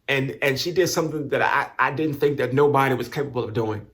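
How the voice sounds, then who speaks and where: A man speaking to camera in a halting, emotional way, repeating and restarting words as he holds back tears. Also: medium pitch, fairly bright tone. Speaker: vlogger giving thanks. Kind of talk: emotional personal talk to camera.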